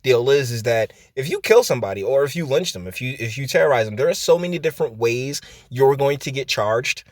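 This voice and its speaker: A man's voice: medium pitch, animated, brisk, no room sound. Laid-back man in a dry room. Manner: conversational, loose, with frequent fillers and chuckles. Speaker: channel host. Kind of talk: casual commentary vlog.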